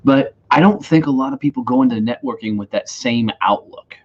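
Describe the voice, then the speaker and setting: A man's voice: mid-range voice, fairly quick. A man, hosting a podcast, tells stories casually, laughs often and swears freely. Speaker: podcast host. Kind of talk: casual conversational storytelling. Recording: slightly dull lo-fi audio.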